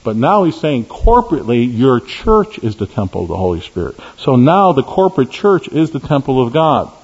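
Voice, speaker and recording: A man preaching a sermon, emphatic, swinging from stressed high peaks to low, quiet key words. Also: big pitch swings, moderate pace, slightly rough. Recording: lo-fi recording in a reverberant hall.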